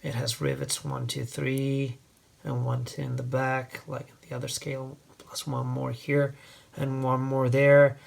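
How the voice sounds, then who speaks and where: A man's voice: mid-range voice, completely flat delivery, a little slow, vocal fry. A man from Italy, hosting a casual product review in a wry, rambling, digressive way. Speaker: host.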